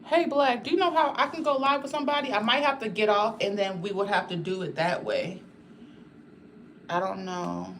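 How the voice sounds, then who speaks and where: A woman's voice: mid-range voice, normal speed, a little hiss or hum. A woman chatting casually on a livestream, rambling and talking straight to her viewers in a blunt, outspoken way.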